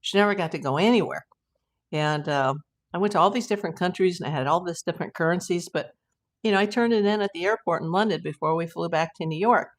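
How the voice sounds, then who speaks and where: A woman's voice: lowish voice, fast. A woman hosting a casual live stream, telling rambling anecdotes and laughing often. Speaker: host of a live YouTube channel.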